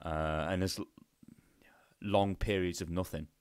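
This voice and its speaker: A young man in a headset runs a live Q&A, casual and rambling, swearing and leaning on lots of fillers. His voice is low and clean in tone, with fairly even intonation and a slightly slow pace, recorded dry in a clean studio.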